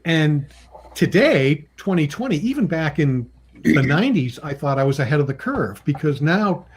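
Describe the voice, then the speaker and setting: A man's voice: big pitch swings, normal speed, breathy edge. A man, a comic book writer and artist, chatting as a guest and telling anecdotes, often laughing and acting out what people said to him. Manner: chatty, acts out quoted people with pitch jumps; laughs often between remarks. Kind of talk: casual anecdotal storytelling.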